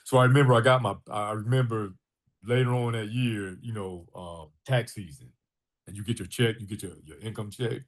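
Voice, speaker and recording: A man's voice: lowish voice, moderate pace. A middle-aged man, a guest on a podcast, telling a personal story with animation and acting out the dialogue. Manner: animated storyteller who acts out quoted dialogue. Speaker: podcast guest, artist and filmmaker.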